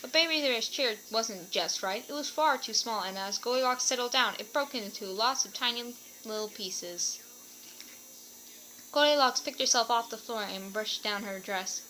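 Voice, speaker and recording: Bright, animated woman reading a children's story. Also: on the high side, slight background noise, rough recording. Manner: animated, expressive narration.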